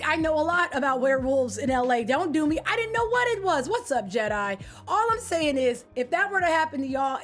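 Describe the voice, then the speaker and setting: Young woman streamer, high voice, casual slangy chat, faint music underneath. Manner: animated, slangy, talks to chat by name.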